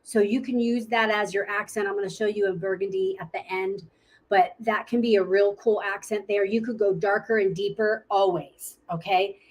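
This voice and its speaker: A woman's voice: medium pitch, steady tone, normal speed. A woman giving a casual live makeup tutorial, chatting and thinking aloud as she hunts for her products. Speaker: makeup presenter.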